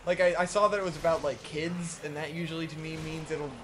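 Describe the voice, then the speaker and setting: A man's voice: on the high side, steady tone, fast talker, noisy background. Rambling, self-deprecating man co-hosting a chat. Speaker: co-host. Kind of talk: casual chat during a game playthrough.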